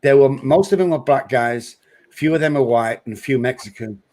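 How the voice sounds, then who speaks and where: A man hosting a recovery talk, telling stories in a lively way and acting out the voices of the people he quotes. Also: mid-range voice, normal speed. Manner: lively storyteller who acts out quoted voices. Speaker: host and recovery speaker. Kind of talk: storytelling in casual conversation.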